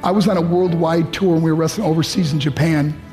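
A man's voice: a little high, fairly even intonation. Earnest man telling a personal story. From United States. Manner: earnest, pleading storytelling with vivid pauses. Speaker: motivational speaker. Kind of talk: emotional personal storytelling speech. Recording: faint music underneath. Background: soft background music.

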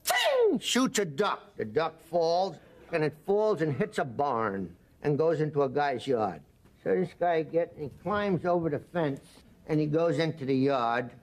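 A man telling a joke as a story, animated and putting on voices for each character. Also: on the high side, measured pace. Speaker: joke teller. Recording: noisy recording.

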